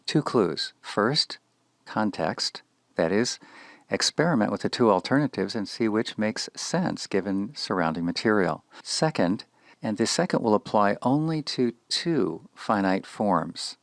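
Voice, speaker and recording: Low gravelly guy reading a careful grammar lecture, super dry close mic, no room sound. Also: no echo. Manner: measured, deliberate, precise enunciation. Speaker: Biblical Hebrew instructor. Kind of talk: scripted lecture narration.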